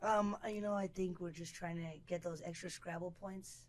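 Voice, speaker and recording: Deadpan woman trading dry podcast jokes. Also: on the low side, normal speed, no echo. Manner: dry, deadpan, quiet delivery. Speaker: podcast guest comedian. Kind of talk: casual podcast banter.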